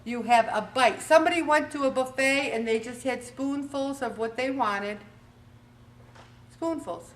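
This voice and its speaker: A woman in her forties hosting a motivational weight-loss talk, animated and acting out little scenes as she goes. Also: sits high, measured pace, distant mic, slight background noise. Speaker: weight-loss show host.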